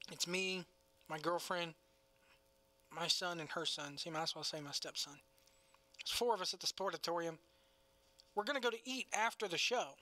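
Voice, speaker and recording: Male podcast co-host, casual and cussing, quick to laugh, dry close sound. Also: high voice, sharp tone, dry recording. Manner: laughs often, loose and cussing. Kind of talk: casual wrestling review chat.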